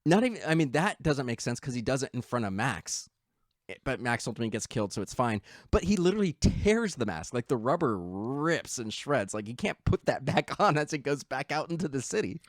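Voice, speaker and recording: A man co-hosting a podcast, retelling a film in animated casual chat and acting out its lines. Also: medium pitch, a little fast, no room sound, clean studio sound. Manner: animated storytelling, acts out quotes. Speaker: podcast co-host.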